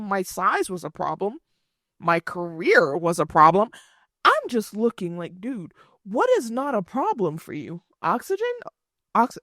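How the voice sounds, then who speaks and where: Lively, sassy young woman storyteller. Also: medium pitch, no echo, studio quality. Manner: animated, sassy storytelling with playful asides. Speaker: podcast host. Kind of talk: storytelling podcast chat.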